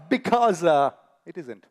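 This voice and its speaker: Actor as a fussy young doctor, prim and giggly, slow, pitch leaping all over. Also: sing-song, no room sound, studio quality, exaggerated voice. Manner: fussy, giggly, correcting names. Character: nervous young male doctor. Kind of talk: stage musical acting. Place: theatre stage.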